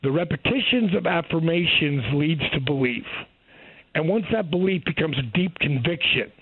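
An older man, a guest who was once a pro wrestler, telling stories in an animated way and acting out what people said, with a husky voice. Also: fairly high pitch, no room sound, phone-quality sound. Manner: animated, repeats himself, acts out quotes. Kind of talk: casual interview storytelling.

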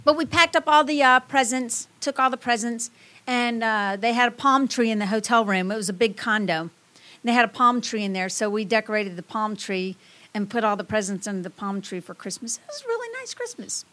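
A woman's voice: on the high side, animated, fairly quick, sharp tone. A middle-aged woman telling stories in a casual chat, emotional and swearing freely.

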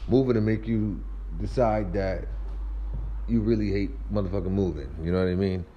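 A man's voice: normal speed, muffled recording, slight background noise. A man, rambling and ranting with profanity as he walks around his house. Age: 30s. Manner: animated, ranting, profane, swings between high squeals and low mumbles. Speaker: vlogger. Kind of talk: rambling comedic monologue.

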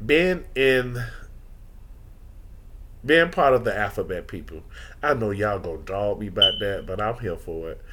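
A podcast host with a lowish, bright and forceful voice speaks expressively and unhurriedly, pausing often as he opens up about his feelings like a preacher. There's a little hiss or hum on the recording.

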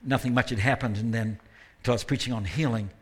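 A man preaching a sermon in a church service with a husky, slightly breathy voice. He keeps a conversational tone, tosses in self-deprecating asides, and lifts his voice to stress a point. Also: medium pitch, fast. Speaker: guest preacher.

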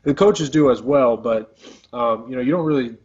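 A professional baseball player in his twenties, appearing as an interview guest, tells a story in a laid-back, rambling way, full of fillers and restarts. His medium-pitched voice is a little mellow and slightly rough at a normal speed, and the audio is dull and lo-fi.

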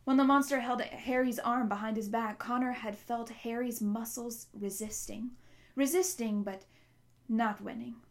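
A woman narrating a novel at a steady pace, with small slips now and then. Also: on the high side, measured pace. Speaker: audiobook narrator. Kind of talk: reading a novel aloud.

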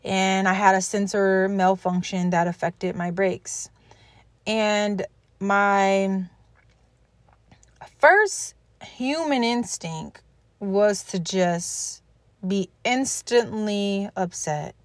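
A woman's voice: medium pitch, drawn-out words, no echo. A woman hosting a motivational podcast, talking to listeners directly in an earnest, encouraging way. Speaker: podcast host.

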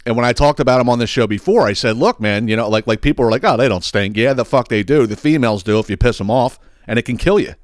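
A man hosting a podcast, telling a story in a heated, profane, animated way with lots of restarts. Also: medium pitch, fast, hardly any pauses, no room sound, studio quality. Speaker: podcast host. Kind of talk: casual storytelling monologue.

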